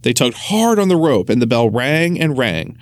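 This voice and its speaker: A man reading a children's story aloud in an expressive, storytelling manner. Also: mid-range voice, moderate pace, no echo.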